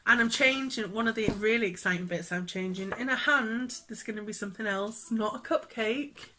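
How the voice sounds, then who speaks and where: A woman's voice: on the high side, brisk, noisy background. A woman chatting casually in a cross-stitch vlog, rambling with many fillers and frequent laughs. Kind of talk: casual chat showing stitching projects.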